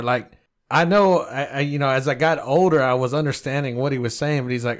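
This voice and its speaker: A middle-aged man co-hosting a podcast, telling stories in casual chat, heavy on profanity and animated. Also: on the high side, brisk. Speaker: podcast co-host.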